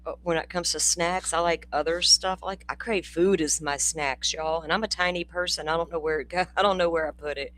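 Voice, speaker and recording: A woman's voice: fairly low pitch, fairly even intonation, a little fast, few pauses, a bit bright, slight background noise. An older Florida woman, hosting a casual livestream and chatting with viewers by name, laughing and swearing freely. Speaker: true crime channel host.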